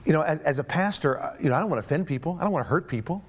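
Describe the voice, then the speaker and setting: Middle-aged guy pastor telling a story from the pulpit, voice a bit high, swings all over the place, stammers when worked up. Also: rapid-fire. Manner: tells a story, acting out both sides of a phone talk, stammers when excited. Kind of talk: sermon storytelling.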